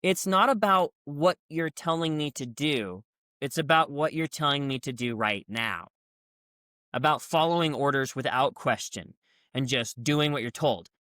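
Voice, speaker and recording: A man talks as a podcast guest, in a fairly high voice for a man. He tells his stories with energy and lifts his voice when he acts out what others said. The recording is dry and close, with no room sound. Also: a little slow, dry recording. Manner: lively storyteller who acts out quotes with raised voice. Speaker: guest, coach. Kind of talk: conversational podcast storytelling.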